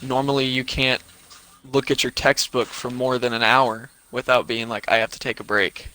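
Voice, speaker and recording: A man chats casually on a live stream and tells a long, profane story, acting out every line of the exchange. His voice is bright and sharp. His pitch stays flat and even. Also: normal speed, smooth, rough recording. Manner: profane, rambling anecdote full of quoted back-and-forth.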